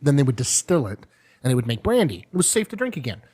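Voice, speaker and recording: A man's voice: mid-range voice, quick pace, husky. Rambling storytelling podcast host, man. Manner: rambling storyteller, animated quoted voices; drinks and chats over whiskey. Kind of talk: casual chat.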